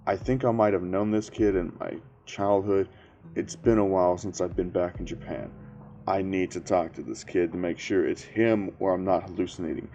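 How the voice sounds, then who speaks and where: A man's voice: low voice, moderate pace, mellow, dull audio, slight background noise. A man voicing a cold, blunt teenage boy with magnetic powers, who talks curtly and swears. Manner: curt and profane.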